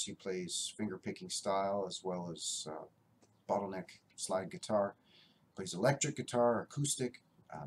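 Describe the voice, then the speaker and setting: A man's voice: fairly low pitch, slight background noise. A man who collects records, casually and enthusiastically showing off his finds in a rambling way. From Canada. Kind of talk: casual show-and-tell.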